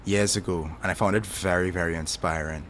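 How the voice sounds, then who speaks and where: A man's voice: sits low, steady tone, a little fast, a bit bright, a little hiss or hum. A Trinidadian man casually chatting with his stream audience, rambling and thinking aloud with lots of filler words. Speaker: streamer answering chat. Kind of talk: casual chat.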